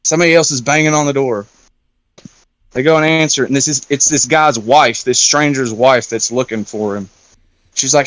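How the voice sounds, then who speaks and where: A man's voice: mid-range voice, moderate pace, fairly bright tone, dry recording. A man in a casual round-table talk, loosely retelling a film plot with lots of fillers and swearing. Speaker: round-table discussion guest.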